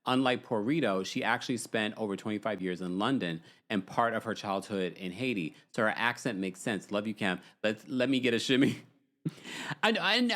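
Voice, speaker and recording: A man hosting a casual call-in show, reading viewer messages aloud and joking. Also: mid-range voice. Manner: animated, jokey, reads messages aloud. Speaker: host of a call-in gossip show.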